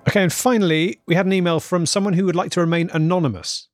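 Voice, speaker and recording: A man's voice: high-pitched, steady tone, fast talker, music in the background. A man from England co-hosting a comedy podcast, reading listener emails aloud with dry amusement. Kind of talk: casual chat.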